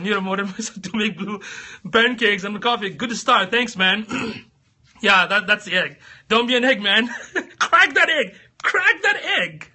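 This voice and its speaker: A man's voice: sits high, pushed and bright. A man hosting a casual livestream, chatting with viewers by name and laughing often. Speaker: livestream host.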